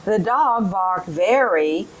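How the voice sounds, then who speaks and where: A woman's voice: mid-range voice, expressive, slow, poor audio. A woman leading a teacher training session, giving directions and modeling phonics drills aloud.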